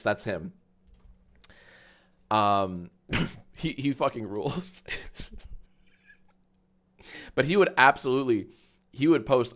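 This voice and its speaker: Animated, bright-voiced man streaming. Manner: animated, swears freely, bursts into high-pitched laughter. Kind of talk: casual live-stream chat.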